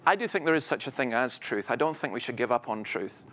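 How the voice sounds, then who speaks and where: A man's voice: medium pitch, animated, fast, a bit bright. A middle-aged man giving a public talk, chatty and wry, telling anecdotes. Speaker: speaker. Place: event venue.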